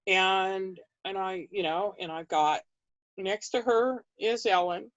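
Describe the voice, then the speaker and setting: A woman guest in an interview, telling a story in a conversational way and acting out the quoted dialogue with big jumps in pitch. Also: slow pace, dry recording, lo-fi sound. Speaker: interview guest recounting history.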